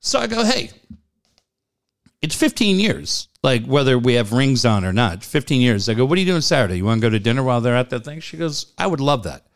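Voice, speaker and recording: A man's voice: mid-range voice, very animated, a little fast. A man in his forties telling a long family story in casual chat, laughing often and repeating "I go".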